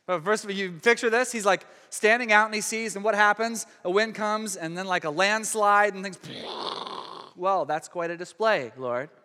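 High, bright-voiced preacher in a reverberant hall. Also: male voice, steady tone, fairly quick, hardly any pauses. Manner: conversational preaching with frequent restarts, dramatic hushed drops. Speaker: pastor. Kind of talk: sermon.

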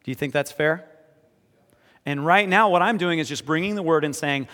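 A male pastor delivers a sermon in a somewhat high voice. He moves between quiet, earnest scripture reading and emphatic exhortation. The sound rings out with a long reverb across a large hall. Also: normal speed, pauses often.

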